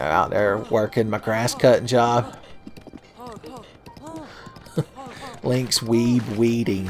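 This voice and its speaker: Joking, foul-mouthed gaming streamer man. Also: lowish voice. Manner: profane, joking, laughs often. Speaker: let's play host. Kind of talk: casual gaming commentary. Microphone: home mic, close.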